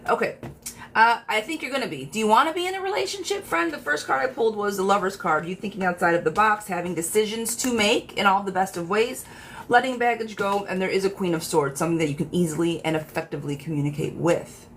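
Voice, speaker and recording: A woman's voice: medium pitch, fast talker, fairly bright tone, a little hiss or hum. A woman hosting a live tarot reading stream, talking casually and affectionately to viewers by name. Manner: chatty, affectionate, talks straight to viewers by name.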